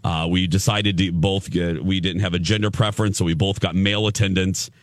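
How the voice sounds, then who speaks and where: A man's voice: low voice, fairly quick. A man hosting a radio morning show and telling a story casually and animatedly, acting out the people in it. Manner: animated storyteller who acts out quotes.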